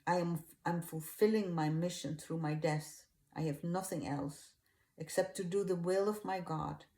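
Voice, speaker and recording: A woman's voice: lowish voice, steady tone, moderate pace, dark tone, echoey room, close to an everyday voice. A woman voicing an anguished grown man who pleads and prays in agony, raising her voice above her own. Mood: resolute. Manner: pleading, sobbing-edged outbursts.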